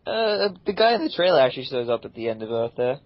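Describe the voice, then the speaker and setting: A man in casual gaming chat, rambling through animated complaints with restarts. His pitch sits in the middle range. The recording is dull and lo-fi. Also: quick pace, dry recording. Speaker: podcast co-host.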